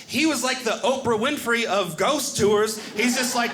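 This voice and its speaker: A man doing a stand-up comedy set on stage, animated and acting out other people in quick voices. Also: very high-pitched. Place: stage before a live audience. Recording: live club recording with audience noise. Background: audience laughter.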